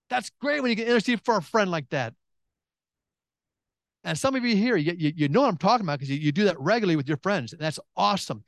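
A man in the pulpit, preaching in a loose, joking way. His voice sits fairly high, and he acts out prayers and reactions with big leaps up in pitch. The sound is close and dry. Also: lively intonation, fast talker, no echo. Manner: chatty and joking, many restarts. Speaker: pastor. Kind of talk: sermon.

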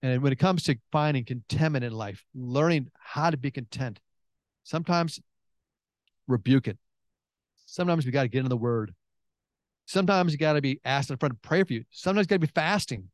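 A man preaching a sermon in a chatty, joking way, acting out his own prayers with big leaps in pitch and talking through many restarts. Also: brisk, long pauses, dry recording. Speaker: pastor.

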